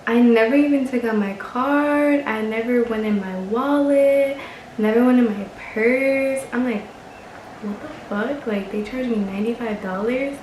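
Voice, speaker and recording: A woman's voice: on the high side, normal speed, darkish tone, reverberant, a little hiss or hum, poor audio. A young woman vlogger telling a casual story, chatty and exasperated, swearing and laughing often.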